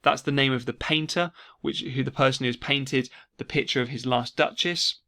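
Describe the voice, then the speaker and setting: A man teaching an exam revision lesson, explaining steadily and slowing down to stress key words. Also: medium pitch, steady tone, vocal fry, sharp tone. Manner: explanatory, repeats key words slowly for emphasis. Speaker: English teacher.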